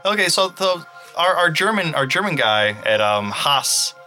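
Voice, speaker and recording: A man co-hosting a casual movie podcast, asking questions in halting, filler-heavy bursts. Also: on the high side, big pitch swings, sharp tone, soft background music. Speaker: podcast co-host.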